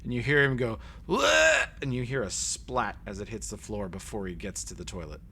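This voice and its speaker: A man's voice: on the low side, animated, a little fast, a bit bright, slight background noise. A man running a tabletop game as game master, narrating scenes vividly and acting out sounds. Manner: vivid, acts out sounds and voices.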